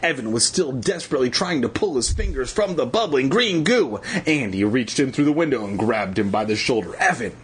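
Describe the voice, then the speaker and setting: A man with a very husky, raspy voice reads a children's story aloud. His delivery is lively, moving freely up and down in pitch. He tosses in irreverent, crude jokes between the lines. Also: fairly quick, few pauses. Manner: irreverent, crude jokey asides. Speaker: reader. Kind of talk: comedic storybook read-aloud.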